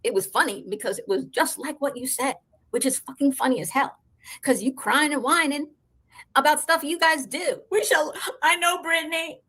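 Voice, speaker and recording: Woman host, high bright voice, scornful livestream rant with casual swearing. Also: normal speed. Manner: scornful, sarcastic, addresses rivals directly. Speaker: drama commentary host. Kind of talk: ranting livestream commentary.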